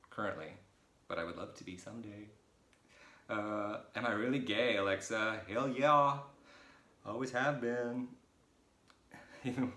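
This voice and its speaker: A man's voice: fairly low pitch, sharp tone, echoey room. A middle-aged American man casually rambling through a viewer Q&A, chatty and self-deprecating, with jokey asides, in his boyfriend's home. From United States. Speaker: vlogger answering viewer questions.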